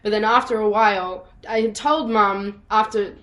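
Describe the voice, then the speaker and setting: A young woman, a musical theatre actress, telling stories with bubbly excitement and frequent laughs over a video call. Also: medium pitch, normal speed. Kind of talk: casual interview chat.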